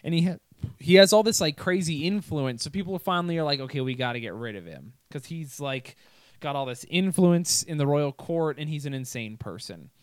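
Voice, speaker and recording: A man's voice: fairly high pitch, normal speed, no echo. A young man hosting a podcast, telling a history story in a crude, swearing, joking way. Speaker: podcast host. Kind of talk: casual comedic storytelling.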